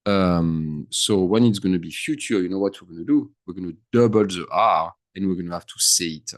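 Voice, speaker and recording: A man who teaches a grammar lesson. He talks in a chatty way at his computer, thinks out loud and slips words into his English. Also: low voice, a little fast, dry recording. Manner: chatty, thinks aloud, mixes French into English. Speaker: French teacher. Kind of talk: screen-share grammar lesson.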